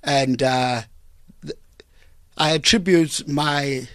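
A South African man, a comedian guest in a radio studio, telling jokes in a deadpan storytelling way. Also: medium pitch, slow, dry recording. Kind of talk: joking radio interview chat. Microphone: studio microphone.

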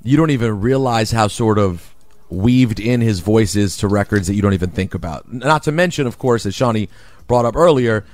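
A man co-hosting morning radio, animated and emphatic, his voice jumping up in excited bursts. The sound is dry and close with no room around it. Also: on the low side, brisk, dry recording. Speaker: radio show co-host.

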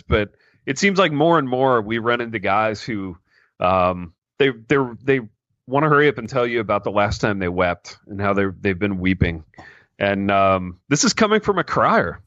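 A man's voice: normal speed, no echo. Male podcast co-host, teasing banter, dry dull-sounding close mic. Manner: jokey, teasing, animated pitch jumps. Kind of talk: casual chat.

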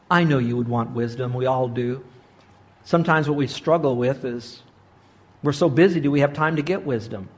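A man preaching a sermon, moving through numbered points to an emphatic call for prayer. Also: fairly high pitch. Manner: rising to emphatic exhortation. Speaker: pastor.

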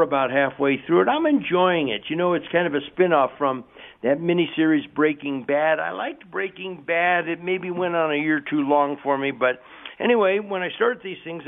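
A man's voice: fairly high pitch, vocal fry. A middle-aged man hosting a radio show, talking in a chatty, folksy way and telling jokes. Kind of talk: casual radio talk. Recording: tinny phone-like radio audio.

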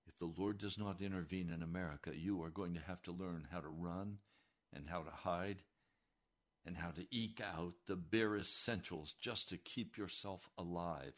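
A man preaching a sermon with passion, dropping to hushed warnings and rising to loud declarations. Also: low-pitched, steady tone, moderate pace. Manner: impassioned, swings between hushed warnings and raised declarations.

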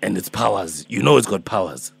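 A man's voice: lowish voice, lively intonation, a little fast, gravelly, slightly rough, no echo, heavily acted. A man voicing a fussy, pleading elderly man who chases a debt in a prank phone call, rambling and hesitant. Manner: rambling, hesitant, calls her Mama and my darling.

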